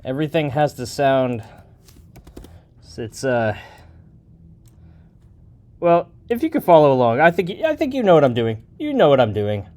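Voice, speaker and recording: A man's voice: medium pitch, sing-song, unhurried, long pauses, a little mellow. A man thinking aloud and joking as he makes a beat, with a rambling, offhand manner. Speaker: music producer. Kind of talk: casual talk while making a beat.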